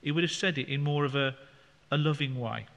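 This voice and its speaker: A man's voice: on the high side, a little fast, vocal fry, fairly bright tone, muffled recording. A man leading a Bible study, explaining scripture in a conversational way with fillers. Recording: long hall reverb.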